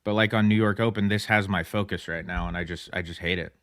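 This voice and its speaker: A man's voice: deep voice, steady tone, fast, fairly bright tone, clean tone, dry recording, clean studio sound. A man chatting casually on a trading livestream, rambling and self-mocking, laughing often as he talks. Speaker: livestream trader.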